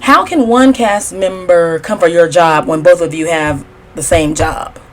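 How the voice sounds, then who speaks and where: A woman with a fairly low voice speaks at a measured pace, recapping gossip as a tarot reader. She's chatty, sassy, and full of opinions, and she mimics the cast members by raising her voice.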